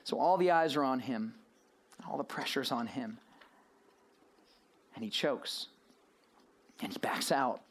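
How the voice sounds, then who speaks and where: A man preaching a sermon to a gathered room, with a mid-pitched voice. He talks to the listeners through rhetorical questions. His energy rises and falls, moving between near-hushed passages and raised, emphatic ones. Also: slow pace, pauses often. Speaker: pastor. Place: church or youth gathering room.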